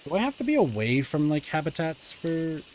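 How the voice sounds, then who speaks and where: A man's voice: fairly high pitch, sing-song, fairly quick, a little hiss or hum. A man streaming a game, chatting to himself and talking to the creatures he catches. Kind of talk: casual gaming livestream.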